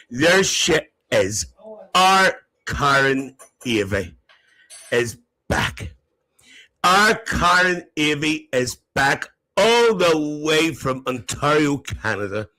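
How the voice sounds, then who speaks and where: A man's voice: pushed and bright, poor audio. Man doing a cheeky gossiping older auntie. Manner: chatty, teasing, laughs between lines, swoops into high squeals. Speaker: live-stream host. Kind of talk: live comedy character stream.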